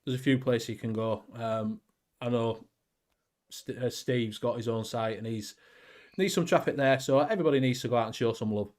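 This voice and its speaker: Man, Northern English accent, podcast host, rambling casual chat, middle pitch. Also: moderate pace, a little mellow. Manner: rambling, friendly, lots of fillers.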